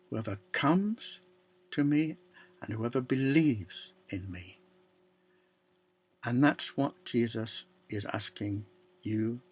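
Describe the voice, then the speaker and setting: Husky guy preaching real slow, long pauses, goes almost whispery sometimes. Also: on the low side. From Ireland. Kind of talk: sermon.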